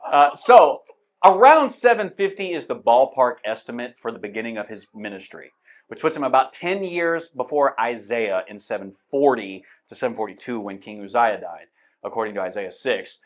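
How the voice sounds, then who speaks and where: A man's voice: mid-range voice, animated, moderate pace. Man teaching a church Bible class. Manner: conversational, explains with a map, many fillers.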